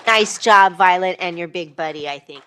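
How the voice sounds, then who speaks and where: A woman's voice: on the low side, background noise. A woman calling up speakers and encouraging them at a school board meeting. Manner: encouraging, brisk.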